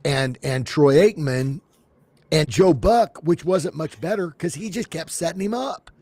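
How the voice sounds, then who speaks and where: Male podcast co-host, lively casual sports talk, higher voice, dry sound. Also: unhurried, no room sound. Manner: animated, restarts, breaks into comic impressions.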